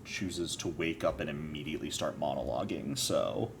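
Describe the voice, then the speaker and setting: A man's voice: very deep voice, normal speed, vocal fry, background noise. A man running a tabletop game as game master, narrating in a laid-back way and teasing his players.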